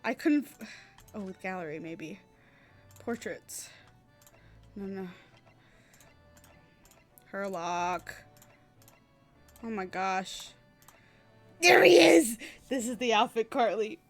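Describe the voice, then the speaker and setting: A woman's voice: mid-range voice, slow pace, pauses often, faint music behind. A young woman streaming a game, chatting casually, gushing and swearing as she reacts.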